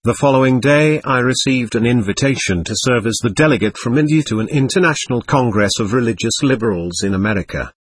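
A man narrating an audiobook memoir in an earnest, measured reading on a close microphone. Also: mid-range voice, expressive, slightly rough, dry recording.

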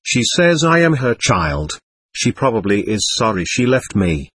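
A man reading aloud the words of a lost, lonely, childlike girl spirit from a séance record, in a plain, steady way. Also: lowish voice, unhurried, slightly rough, dry recording, exaggerated voice. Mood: wistful.

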